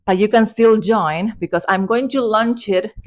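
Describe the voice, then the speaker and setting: Breathless, excited woman vlogger. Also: medium pitch, moderate pace. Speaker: spiritual vlogger. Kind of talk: motivational vlog talk.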